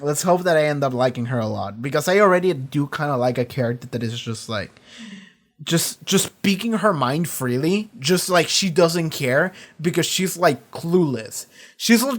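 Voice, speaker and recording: A casual reaction host who talks in loose, looping sentences. The voice sits at a medium pitch and doubles back on its own words. Curse words come often and casually. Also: moderate pace. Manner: rambling, animated, swears freely.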